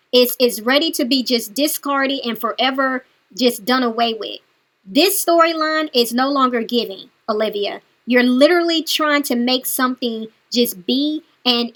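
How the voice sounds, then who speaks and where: A woman with a high voice delivers reaction commentary, lecturing and mocking the person she addresses. Her tone stays cutting and sarcastic throughout. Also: sharp tone. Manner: scolding, sarcastic, talks straight to the subject.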